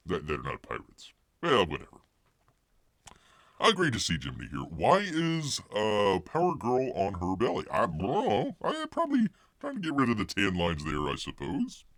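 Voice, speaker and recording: A man's voice: deep voice, wildly swooping pitch, normal speed, no echo. A middle-aged man hosting a casual live stream, rambling and joking, calling himself Bear in the third person. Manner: rambling, jokey, many fillers and restarts.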